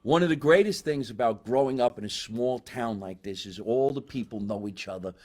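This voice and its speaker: A man hosting a live comedy show from a basement, a loud, hammy showman who swings between big excitement and asides. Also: medium pitch, brisk. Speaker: podcast host.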